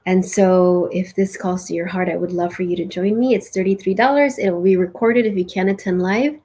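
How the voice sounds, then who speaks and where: A woman with a mellow, slightly breathy voice leads a spiritual ceremony. She speaks slowly and gently in the guided parts. Between them she chats loosely with the group and often fills her sentences with "like.". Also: lowish voice. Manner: soft, slow and soothing in meditation; chatty with many "like"s. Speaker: spiritual teacher leading a ceremony. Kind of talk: guided meditation and casual talk. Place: live online session with chat.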